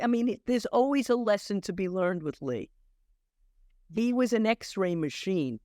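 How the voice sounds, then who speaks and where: Older woman, acting teacher, podcast guest, animated storyteller, halting restarts, dry close sound. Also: medium pitch, no echo. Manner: animated, halting restarts, acts out dialogue in stories. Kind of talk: anecdotal storytelling in conversation.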